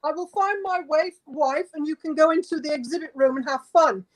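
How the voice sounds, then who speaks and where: Woman quoting a stern male museum curator, indignant and scolding, high-pitched delivery. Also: brisk, crowd noise, close to an everyday voice, poor audio.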